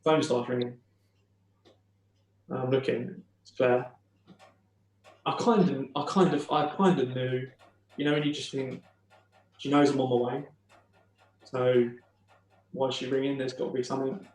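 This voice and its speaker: Podcast guest, young man; flat, halting, emotional storytelling in a roomy space. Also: medium pitch. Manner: halting, emotional retelling with many restarts. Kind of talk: personal storytelling.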